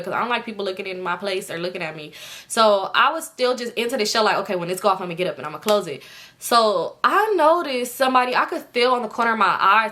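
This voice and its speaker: A young woman with a bright, forceful voice tells a personal story straight to her viewers. She talks in loose slang, swears a lot and jumps into the voices of the people she quotes, her delivery animated. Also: mid-range voice. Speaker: storytime vlogger.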